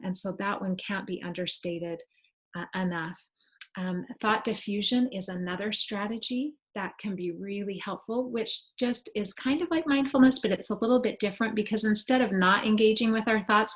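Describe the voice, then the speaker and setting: Woman presenting a relaxed webinar talk. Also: mid-range voice. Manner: relaxed, explanatory, many fillers. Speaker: webinar presenter on student well-being. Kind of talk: conversational online presentation.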